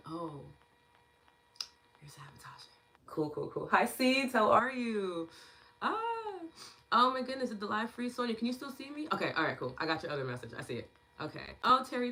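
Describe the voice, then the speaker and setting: A woman with a deep voice and a fairly bright tone hosts a live online gratitude session. She chats casually and affectionately, laughing often as she reads out viewers' comments and thanks them.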